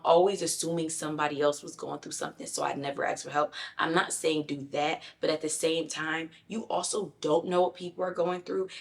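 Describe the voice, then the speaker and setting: A woman's voice: sits low, fairly bright tone. Candid young woman vlogger, emphatic. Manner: candid, emphatic, talks straight to viewers. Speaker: lifestyle vlogger. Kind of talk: casual advice vlog.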